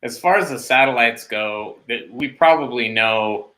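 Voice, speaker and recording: A man's voice: medium pitch, moderate pace, bright, forceful tone, rough recording. A man co-hosting a podcast in casual chat, rambling and hedging his opinions. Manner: rambling, hedging, many restarts. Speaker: podcast co-host.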